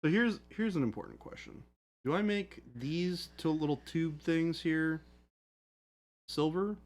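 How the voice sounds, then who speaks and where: Animated, playful livestream host. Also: medium pitch, unhurried. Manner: playful, jokey, slips into silly voices; thinks aloud while painting. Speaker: livestream host painting miniatures. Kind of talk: casual livestream banter.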